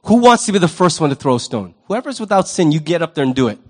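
A man voicing Jesus as a calm, blunt figure who rebukes his accusers, with a high voice for a man. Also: quick pace.

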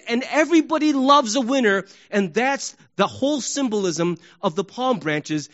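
A man preaching a sermon, animated, acting out crowd shouts and sports examples. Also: very high voice, moderate pace, dull audio. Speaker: pastor.

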